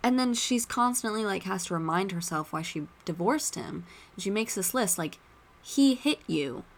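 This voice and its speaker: A woman hosting a casual podcast at a middle pitch, talking in a loose, chatty way. She retells scenes and drops quick asides of her own. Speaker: podcast host.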